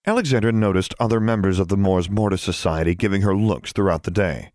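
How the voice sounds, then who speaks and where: A man narrating a novel as an audiobook in steady storytelling. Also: deep voice, quick pace, no room sound, studio quality. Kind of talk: scripted narration.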